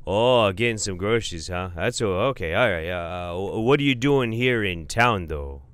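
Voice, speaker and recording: A man voicing a huge, jovial Finnish-American uncle from a tiny northern town, in a broad Upper Midwest accent with a drawn-out "eh.". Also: on the low side, lively intonation, fairly bright tone, smooth, no room sound. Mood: friendly probing.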